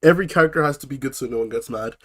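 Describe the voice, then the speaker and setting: A man's voice: medium pitch, rapid-fire, dry recording, clean studio sound. A man casually reacting on a live stream, swearing and scoffing in disbelief. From United Kingdom. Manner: incredulous, swearing, laughing mockery.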